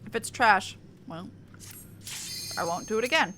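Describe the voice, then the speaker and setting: A woman's voice: mid-range voice, expressive, measured pace, pushed and bright, slight background noise. A woman streaming a game, giving playful, casual commentary and laughing often. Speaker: gaming streamer. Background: faint game music.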